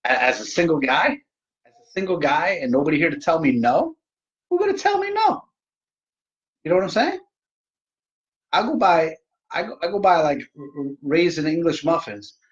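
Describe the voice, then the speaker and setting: A man's voice: on the high side, fairly quick, highs cut off. A middle-aged man hosting a casual live stream from home, joking at his own expense and talking straight to his viewers. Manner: joking, self-mocking, talks straight to viewers. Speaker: livestream host.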